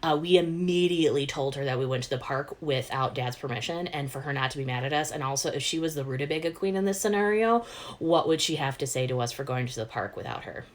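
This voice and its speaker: Low-voiced woman telling a family story. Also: fast. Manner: animated, acts out quoted voices with big jumps in pitch and loudness. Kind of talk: casual storytelling.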